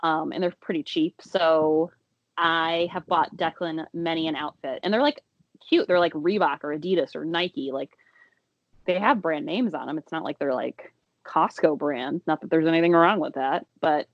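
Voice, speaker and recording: Relaxed, rambling woman co-host with a lowish voice, dull lo-fi remote sound. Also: moderate pace, dry recording. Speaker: podcast co-host. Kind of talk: casual chat.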